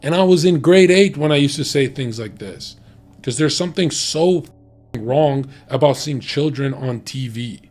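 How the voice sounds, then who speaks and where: A man's voice: mid-range voice, darkish tone, breathy edge. A man talking bluntly and profanely in a heated, ranting casual chat about dating. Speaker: podcast guest giving dating opinions.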